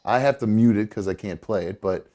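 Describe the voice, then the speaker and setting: A man's voice: on the low side, brisk, mellow. A man hosting a live talk show, chatting casually in a loose, rambling way and swearing freely. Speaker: podcast host. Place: studio.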